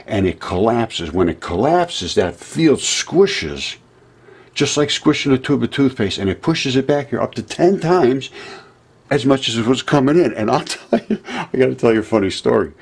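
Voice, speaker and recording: A man presenting an informal science lecture, explaining in a loose, animated way and sometimes acting out voices. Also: medium pitch, normal speed, breathy edge.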